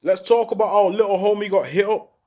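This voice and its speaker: Urgent high-voiced talker. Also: male voice, fairly quick, a little mellow. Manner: urgent, repeats rhetorical questions, heavy street slang. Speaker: former prisoner speaking out. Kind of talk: impassioned monologue to camera.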